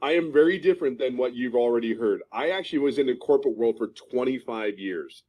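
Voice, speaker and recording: A Philadelphia man in his fifties gives a passionate testimonial as a program member from his home in California. His mid-range voice is expressive and warm, and he talks fast, repeating himself emphatically for stress, though the audio is poor.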